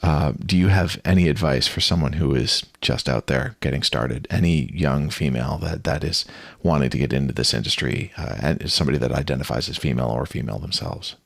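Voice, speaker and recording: A man's voice: a bass voice, a little fast, creaky, no room sound. A man hosting a podcast interview, speaking in an earnest way and often repeating words. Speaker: podcast host.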